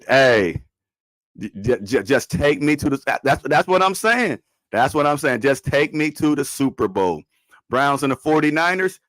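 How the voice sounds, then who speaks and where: A man hosting a podcast in casual sports talk, animated, slangy and repeating himself. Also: medium pitch, unhurried, no echo, clean studio sound. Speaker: podcast host.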